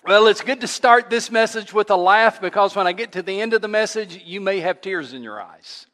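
A man preaching as a pastor, telling a funny story with animated delivery before his sermon. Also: high voice, a little fast. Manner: animated storyteller who laughs at his own tale. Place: church sanctuary. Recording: long church reverb.

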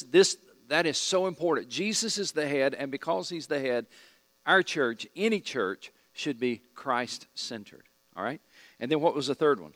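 A middle-aged man leads a church Bible class. He quizzes the group and says each key point twice. His voice sits at an ordinary pitch, and the sound is dry and close, with little room echo. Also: fairly bright tone. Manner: asks the class questions and repeats key points. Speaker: Bible study teacher. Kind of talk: teaching an evening church class.

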